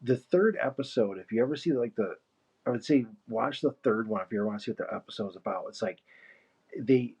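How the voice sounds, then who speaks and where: A man's voice: mid-range voice, expressive, a little fast, a little mellow, breathy edge. A man chatting casually and rambling while he paints on a live stream, laughing now and then. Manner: rambling, easygoing, laughs often. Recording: muffled lo-fi stream mic.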